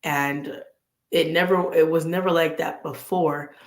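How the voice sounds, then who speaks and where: A woman's voice: deep voice, fairly even intonation, unhurried, reverberant. A woman hosting a casual vlog, sharing faith and personal stories in an earnest way and acting out bits of inner dialogue. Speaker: vlog host.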